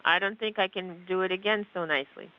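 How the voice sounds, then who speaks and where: A man interpreting radio calls live into English, halting, with fillers and restarts. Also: high-pitched, fairly even intonation, lo-fi sound.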